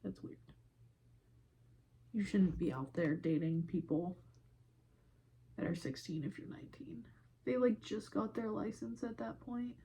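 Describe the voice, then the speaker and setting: A young woman hosts a casual podcast in a heated, swear-laden rant, exasperated and fired up as she does her makeup. Her voice is dark and mellow, and it is recorded on a phone. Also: medium pitch, steady tone, a little slow, pauses often, a little hiss or hum. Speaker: podcast host. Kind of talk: casual ranting commentary.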